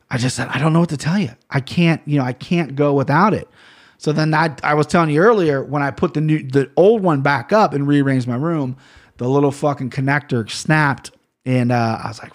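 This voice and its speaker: A man talking to camera in a casual solo rant, rambling and cursing freely, with bursts of loud mock outrage. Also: fairly high pitch. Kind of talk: casual solo rant about gear and fight news.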